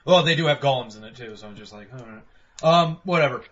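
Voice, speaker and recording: A man co-hosting a casual game review podcast, animated and swearing freely as he talks. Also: medium pitch, quick pace. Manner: animated, swears freely, puts on voices for quotes. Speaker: podcast co-host. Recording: dull lo-fi podcast audio.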